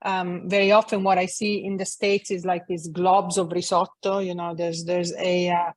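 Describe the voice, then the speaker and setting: A woman's voice: fairly low pitch, little pitch movement, normal speed. A woman co-presenting an online talk, commenting casually with lots of fillers. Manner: chatty, many likes and fillers. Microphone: video call.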